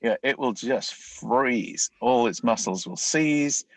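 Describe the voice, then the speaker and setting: A leadership coach with a mid-range voice explains ideas slowly in a conversational interview, often voicing inner thoughts as quoted speech. The recording is rough but has no echo.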